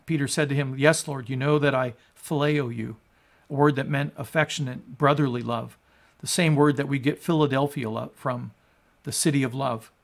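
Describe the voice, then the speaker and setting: A male pastor giving a sermon and reading scripture, emphatic and rising to loud peaks on quoted lines. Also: medium pitch, fairly even intonation, normal speed, creaky. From United States.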